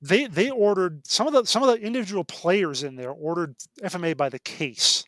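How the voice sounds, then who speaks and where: A man's voice: high voice, expressive, fairly quick, a bit bright, no echo. A middle-aged man, a game designer, telling stories as a podcast guest and often restarting and correcting himself mid-sentence. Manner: rambling, self-correcting storyteller. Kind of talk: casual podcast conversation.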